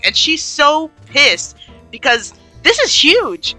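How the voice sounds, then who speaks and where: A woman's voice: high-pitched, sing-song, takes it slowly, sharp tone, soft background music, rough recording. A woman co-hosting a podcast, animatedly retelling a tabletop game session and swearing freely. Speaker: podcast co-host and player.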